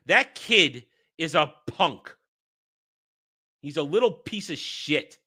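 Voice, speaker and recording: Animated, ranting man reacting to clips. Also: on the high side, measured pace. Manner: ranting, profane, mock-outraged outbursts. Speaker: host reacting to videos. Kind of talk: reaction commentary.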